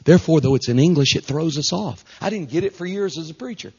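Man, traveling preacher, revival sermon, emphatic, repetitive, husky, somewhat high-pitched. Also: expressive, fast. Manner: emphatic, repetitive, swings between hushed and raised. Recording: dull lo-fi recording.

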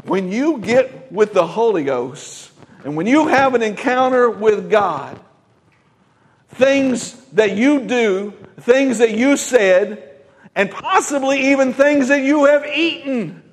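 A man preaching a Pentecostal sermon, emphatic, swinging from loud exclamations to quiet asides. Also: extremely high pitch, lively intonation, takes it slowly, long reverb tail. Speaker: pastor.

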